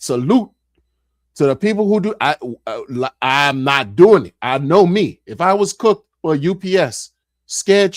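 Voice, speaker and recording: A middle-aged man, a streamer, telling a casual story in an animated way, repeating phrases and acting out what people said. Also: a little high, no room sound, clean studio sound.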